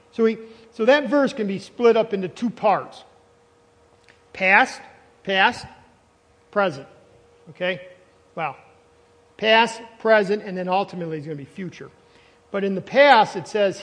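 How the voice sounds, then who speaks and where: A male pastor preaching a sermon, emphatic, repeating phrases and quizzing the congregation. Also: high voice. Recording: long reverb of a large hall.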